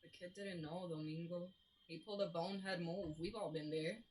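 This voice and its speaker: An actor playing a blunt, level-headed young woman who talks in a calm, matter-of-fact way during a stage play reading. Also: on the low side, fairly quick, lightly acted, rough recording.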